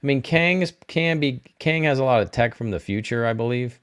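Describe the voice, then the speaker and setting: A man's voice: mid-range voice, brisk, clear, resonant tone. A middle-aged man hosting a live stream, rambling casually and answering viewers' chat comments.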